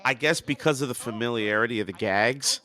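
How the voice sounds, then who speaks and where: A man's voice: medium pitch, fairly quick, pushed and bright. A man joining a casual podcast chat as a guest, laughing often and repeating words as he talks.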